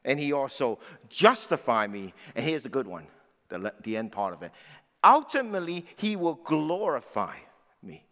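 A man in his sixties preaching a sermon as pastor, swinging between loud emphatic lines and low, quiet asides. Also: sing-song, moderate pace. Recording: long hall reverb.

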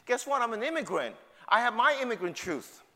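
This middle-aged pastor with a New York City accent preaches emphatically, firing off rhetorical questions. His voice is very high-pitched and very animated, fairly quick and sharp, with a long hall reverb on the recording.

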